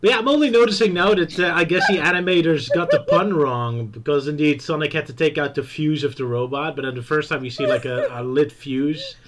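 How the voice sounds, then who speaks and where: A man hosting a podcast, talking in a relaxed, hesitant way with fillers and restarts. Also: on the high side, brisk, hardly any pauses. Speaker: podcast host. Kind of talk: casual discussion.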